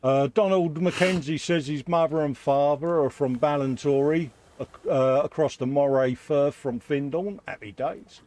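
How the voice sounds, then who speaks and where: A man's voice: fairly high pitch, a little slow, hardly any pauses, a little mellow. A man co-hosting a live model-building stream, chatting casually and reading out viewer comments. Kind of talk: casual chat.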